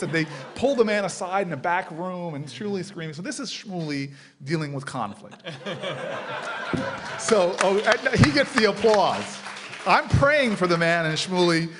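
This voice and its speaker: Animated male storyteller at a live panel. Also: sits high, moderate pace. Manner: animated, acts out shouting quotes. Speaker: panel speaker. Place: lecture hall with audience.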